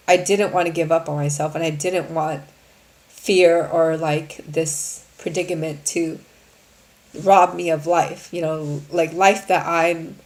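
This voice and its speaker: Low, gravelly woman talking candidly. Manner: earnest, rambling, heavy on fillers like "um" and "you know". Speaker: host of a live Q&A stream. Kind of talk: candid casual talk to viewers.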